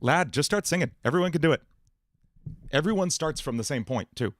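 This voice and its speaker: A man hosting a livestream Q&A about singing and voice, explaining in a relaxed way with many fillers. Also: on the high side, a little fast, dry recording, studio quality. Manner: relaxed explaining, many fillers, breaks into sung and put-on voice demos. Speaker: music producer and livestream host.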